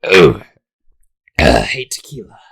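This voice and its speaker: A woman's voice: extremely low pitch, big pitch swings, takes it slowly, creaky, slight background noise. A woman co-hosting a podcast in casual chat, blunt and teasing, swearing freely. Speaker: podcast co-host.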